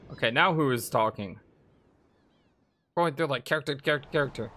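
A man's voice: mid-range voice, brisk, pauses often. A man hosting a let's play, giving casual, wry game commentary. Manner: animated, wry, easily amused. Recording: music playing behind voice.

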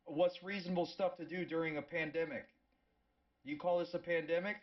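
A man's voice: a little high, steady tone, a little fast, dull audio. A man ranting heatedly on his livestream, swearing often, stumbling over restarts and mocking people in put-on voices. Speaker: streamer reacting to a video. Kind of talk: casual rant on a livestream.

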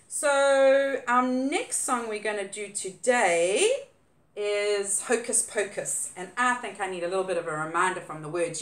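A woman giving an online lesson to young children, in a sing-song, animated and encouraging way. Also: mid-range voice. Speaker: early-years teacher. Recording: echoey room.

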